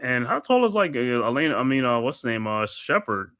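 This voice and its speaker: A man calling a basketball game live for a watch-along stream, with a bright, forceful voice at a middling pitch. He mixes quick play-by-play with slangy, excitable chat and flares up whenever a call goes against his team. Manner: excitable, slangy, quick bursts of outrage at calls. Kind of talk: live play-by-play commentary mixed with casual chat.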